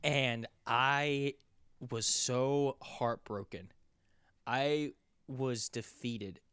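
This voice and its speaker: A young man telling a story in casual chat, rambling and profane, his voice climbing loud and high when he gets worked up. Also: very slow, clear, resonant tone, dry recording, studio quality. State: sore.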